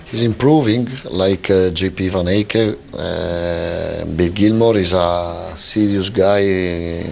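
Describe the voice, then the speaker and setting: Manager, male, very low and gravelly, halting speech with many restarts, lo-fi radio. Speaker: football manager. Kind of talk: post-match radio interview. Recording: lo-fi radio broadcast.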